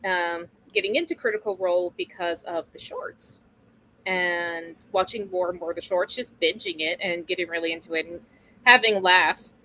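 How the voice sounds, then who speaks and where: A woman's voice: on the low side, moderate pace, pushed and bright, slight background noise, poor audio. A woman in her mid-thirties talking casually as an interview guest, rambling, laughing often and swearing freely. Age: 30s. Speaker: guest streamer.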